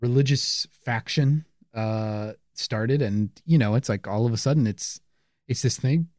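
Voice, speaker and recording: A man chatting on a podcast in a relaxed, jokey way, often pausing on fillers as he works out a thought. His voice sits at a middle pitch and sounds close and dry, with no room around it. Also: no echo. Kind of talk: casual chat.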